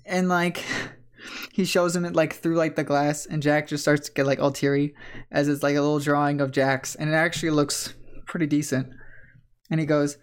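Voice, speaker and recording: A woman's voice: low voice, flat delivery, moderate pace. A woman narrating a tabletop game as game master, rambling with lots of fillers. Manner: rambling, filler-heavy storytelling.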